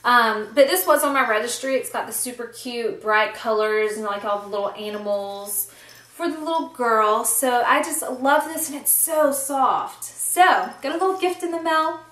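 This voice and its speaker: On a handheld camcorder in her small home nursery, a pregnant vlogger chats casually, filling gaps with ums and little laughs. Her voice sits on the high side with a moderate pace and fairly bright tone, and the recording is reverberant.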